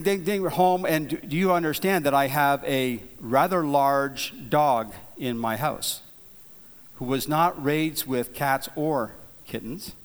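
A man preaching a sermon, telling a folksy story in a relaxed, conversational way, with frequent restarts and repeated words. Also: fairly high pitch, clean tone. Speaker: pastor. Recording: long hall reverb.

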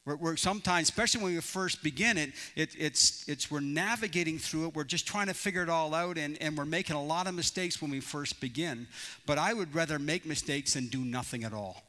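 A man preaching an earnest sermon, telling a story and often restarting his phrases. His voice is bright and forceful and sits a little high. It rings out in a large hall with a long reverb. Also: fairly quick. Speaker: pastor.

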